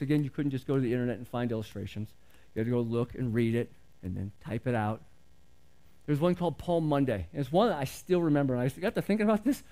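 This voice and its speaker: A man's voice: fairly high pitch, warm tone. Earnest man preaching a sermon. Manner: earnest, conversational preaching with rhetorical questions. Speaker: pastor.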